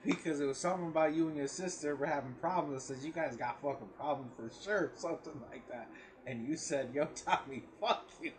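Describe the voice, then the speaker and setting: A man's voice: a little high, fairly quick, rough recording. A man co-hosting a podcast, ribbing his friend in casual banter and laughing as he teases. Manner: teasing, laughs while ribbing. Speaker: podcast co-host.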